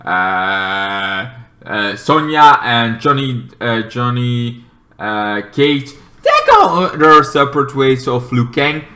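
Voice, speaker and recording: A man giving a casual movie review, rambling through the plot with loose filler phrases and sudden excited bursts. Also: mid-range voice, slow. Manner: loose phrasing with filler such as "kind of thing".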